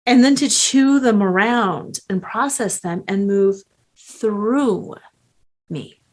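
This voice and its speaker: Earnest woman coach talking slow, middle-aged, motivational and emphatic. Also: medium pitch. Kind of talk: motivational talk.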